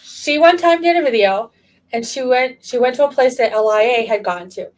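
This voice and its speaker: A woman co-hosts an online chat show, blunt and chatty in a fairly high voice. She sits set back from her microphone, so she sounds a little distant. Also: moderate pace. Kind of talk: casual podcast chat.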